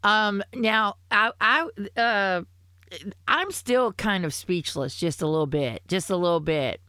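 A woman co-hosting a podcast in casual chat, rambling and halting with many restarts, swearing freely. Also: medium pitch, pushed and bright, clear, resonant tone, no echo, studio quality. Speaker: podcast co-host.

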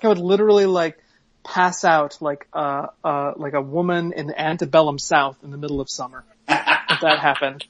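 A woman's voice: low-pitched, normal speed, highs cut off, very noisy. A woman co-hosting a podcast in casual, rambling chat, joking and swearing freely. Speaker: podcast co-host.

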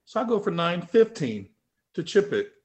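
A man in a casual interview, telling a story in an animated, profane way, swinging from low mutters to loud outbursts. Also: moderate pace. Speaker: guest.

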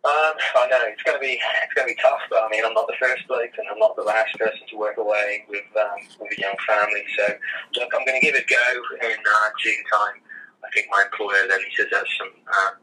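Man, young adult, hoarse, easygoing rambling guest, low pitch. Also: fairly even intonation, brisk, pushed and bright. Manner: easygoing, rambling with many fillers. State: hoarse throat. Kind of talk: casual interview chat. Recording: voice from far off the mic.

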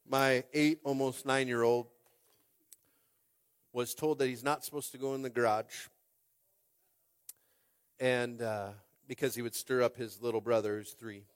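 A pastor in his thirties preaching a lively sermon, acting out quotes and calling out to the congregation. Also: medium pitch, measured pace, pauses often, clear, resonant tone. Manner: animated, acts out quotes, keeps calling on the crowd.

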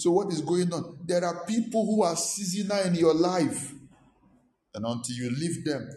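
A man's voice: fairly high pitch, a little mellow, echoey room, slight background noise. A man preaching a motivational sermon, who talks emphatically, repeats short commands and acts out the voices of his listeners.

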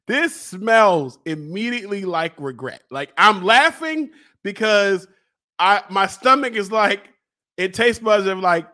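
A man's voice: high voice, a little slow. A man from Baltimore hosting a casual solo vlog, playful and exclamatory, drawing things out and laughing often. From Baltimore, USA. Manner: lively, exclamatory. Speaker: podcast host.

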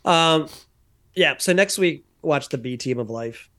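A man co-hosting a podcast, casually recapping a sitcom episode with fillers and quick quoted lines. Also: fairly high pitch, animated, bright, forceful tone. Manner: recounts scenes with quick acted-out quotes, many fillers. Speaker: podcast co-host.

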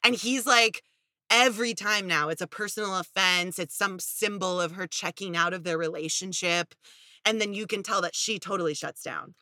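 A woman's voice: mid-range voice, moderate pace, sharp tone, dry recording, clean studio sound. A young woman co-hosting a podcast, animatedly and sarcastically recapping a reality show with exasperation. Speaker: podcast co-host.

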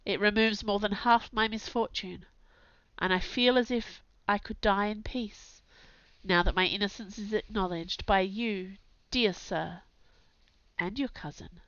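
A woman reading the lines of a gentle, resigned young man condemned to die, in a tender and earnest way. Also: mid-range voice, a little slow, dry recording, highs cut off, close to an everyday voice. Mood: grateful, resigned.

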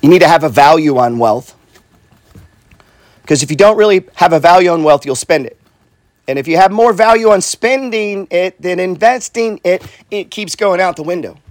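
A man's voice: high-pitched, lively intonation, moderate pace, no echo. Blunt, swearing man talking money. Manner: blunt, profane, repeats himself, says "right?" and "bro". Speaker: real estate investor and coach. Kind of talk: casual motivational talk.

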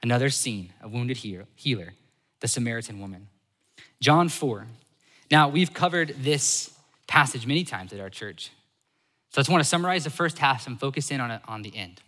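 Male pastor in a sermon, bright and forceful tone, lively swings in loudness. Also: medium pitch, normal speed, long reverb tail. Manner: animated, swings between loud emphasis and soft asides.

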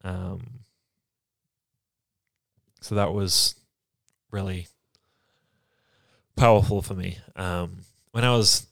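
This is a man from England with a very deep voice. He talks in a soft, reflective, halting way during a candid podcast chat. The sound is dry and close, with no room echo. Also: steady tone, gravelly. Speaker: podcast co-host. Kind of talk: candid personal conversation.

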